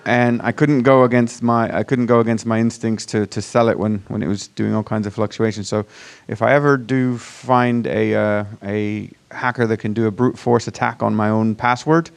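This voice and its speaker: A man from Virginia with an accent that mixes American and British, giving a casual, self-deprecating startup pitch to a conference audience with many fillers and restarts. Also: fairly even intonation, moderate pace, vocal fry, hardly any pauses, clean tone. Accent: mixed American and British. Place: conference room before a live audience.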